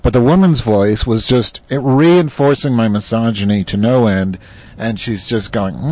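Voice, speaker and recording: Low voiced guy cussing and rambling in his car into a phone mic. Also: expressive, moderate pace, darkish tone. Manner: profane, rambling rant. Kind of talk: casual monologue. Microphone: clip-on mic attached to a phone.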